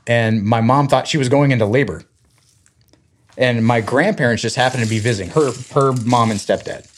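There's slight background noise as a man in his thirties, from Georgia in the US, chats casually about his family, bringing the people in his stories to life with acted-out voices. His medium-pitched voice moves at a normal speed, and his retelling is animated.

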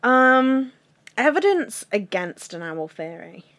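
A woman co-hosting a chatty podcast who teases and laughs easily. Her pitch swings widely as she talks, and she stays animated throughout. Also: slow. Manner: laughs often, teasing and animated. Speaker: podcast co-host. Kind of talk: casual chat.

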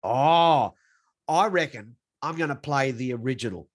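A man's voice: mid-range voice, lively intonation, measured pace. A man with an Australian accent co-hosting a podcast over a video call, ribbing his co-host bluntly and swearing freely. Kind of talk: casual podcast banter.

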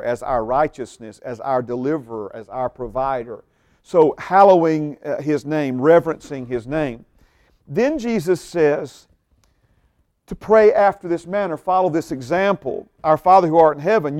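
A man's voice: a little high, darkish tone. A man preaching a sermon as pastor, emphatic, often repeating words and checking in with the congregation. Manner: emphatic, repeats words, asks the audience questions.

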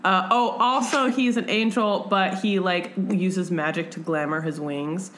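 A young woman co-hosting a casual book chat, lively and animated, acting out characters in quick voices and swearing freely. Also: fairly low pitch, a little hiss or hum. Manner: swearing, lots of "like". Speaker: podcast co-host.

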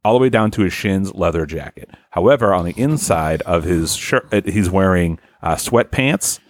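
A young man hosting a comedy podcast, spinning an improvised story with lots of restarts and asides. His fairly low voice swings a lot in pitch, and the sound is dry and close. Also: normal speed, no echo. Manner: rambling, lively, with frequent filler and restarts. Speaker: podcast host.

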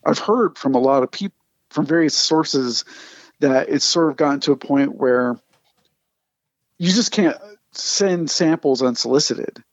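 A man, a comic artist, telling animated anecdotes in casual conversation and acting out the people he quotes. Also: a little high, measured pace, no echo, highs cut off. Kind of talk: casual storytelling.

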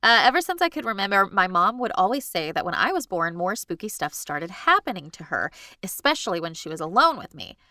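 A woman's voice: mid-range voice, brisk, few pauses, no echo, studio quality. A woman co-hosting a casual podcast, reading a listener's story aloud with frequent laughs and asides. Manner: animated, laughs often, reads aloud with asides. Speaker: podcast co-host.

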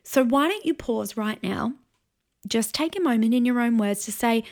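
Woman pastor, forties, earnest encouraging sermon, slightly high voice. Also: lively intonation, darkish tone. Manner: earnest, encouraging, pauses to invite prayer. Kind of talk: teaching sermon.

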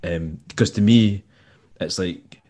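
Scottish man, deep voice, mellow tone, rambling laid-back storyteller, podcast guest. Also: takes it slowly. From Scotland. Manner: rambling, laid-back, acts out quoted dialogue. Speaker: podcast guest, musician and tour manager. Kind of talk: casual storytelling interview.

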